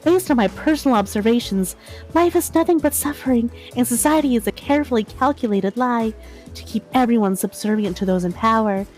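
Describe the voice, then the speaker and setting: A woman's voice: fairly high pitch, a little fast, darkish tone, soft background music, lightly acted. A woman voicing a cynical, gloomy ghost girl in a dating game, jaded and scornful.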